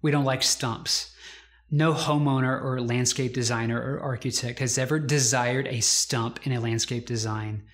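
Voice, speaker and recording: A male pastor delivers an earnest, conversational sermon. His voice sits in a middle register, and he slows right down to weigh each quoted line. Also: mid-range voice, steady tone, a bit bright. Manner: earnest, conversational preaching with slowed, emphatic quotations.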